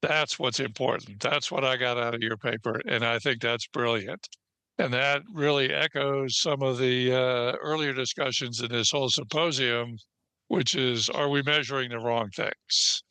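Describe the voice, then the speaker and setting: Older male panel chair, bright gravelly voice, loose talk full of fillers. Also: mid-range voice, steady tone, moderate pace, no echo. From United States. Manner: conversational with frequent fillers. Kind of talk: panel moderation.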